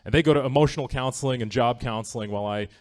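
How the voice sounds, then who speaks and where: A man races through a stand-up comedy set on a theatre stage in a medium-pitched voice. He is loose, wry, and conversational, often checking in with the audience by asking "right?".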